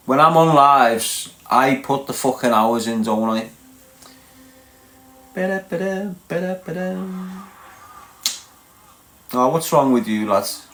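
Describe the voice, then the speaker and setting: A livestream host with a Liverpool accent speaks in a mid-range, fairly bright voice. He rants casually and bluntly to his live viewers, lecturing them and repeatedly asking whether they understand, in a room with noticeable echo.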